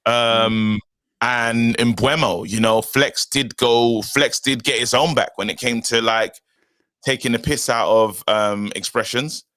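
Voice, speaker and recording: A man co-hosting a live football stream in casual chat, excitable and laughing a lot. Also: medium pitch, measured pace, dry recording. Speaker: co-host.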